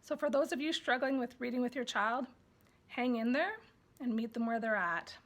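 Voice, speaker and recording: A woman's voice: a little high, normal speed, fairly bright tone. A woman who is a child development coordinator, giving a parenting lesson with sing-song baby-talk demonstrations.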